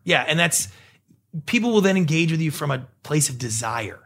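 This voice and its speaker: A middle-aged man, a guest on an interview, explaining ideas in a lively conversational way and acting out little quoted exchanges. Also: a little high, moderate pace. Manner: animated storyteller acting out quoted voices. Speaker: guest, TV producer and pitch coach.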